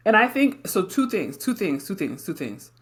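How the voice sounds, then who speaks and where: A woman's voice: medium pitch, sing-song, normal speed. A middle-aged woman co-hosting a podcast, talking in a candid, emphatic way and often checking in with tag questions. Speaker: podcast co-host. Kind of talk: casual podcast conversation.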